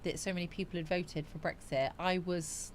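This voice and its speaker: A woman with a fairly low, steady voice hosts a casual livestream at normal speed, reading viewer comments aloud and musing on them in a chatty, rambling way. There's a little hiss or hum in the recording.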